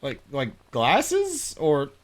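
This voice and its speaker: This Appalachian American streamer talks very slowly over a farming game, medium-pitched but with huge pitch swings. The casual commentary is rambling, full of laughter and dips into a mock drawl, with slight background noise.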